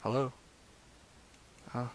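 A man hosting a stream of prank phone calls, talking in a crude, joking way and trailing off into mumbles. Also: slow pace. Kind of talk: casual rambling chat with prank calls.

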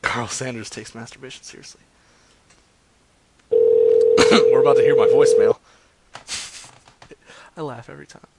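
A man's voice: mid-range voice, steady tone, measured pace, gravelly, long pauses, very noisy. A man hosting a live stream, chatting in a rambling, crude, joking way between prank phone calls. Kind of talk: casual profane streaming chat.

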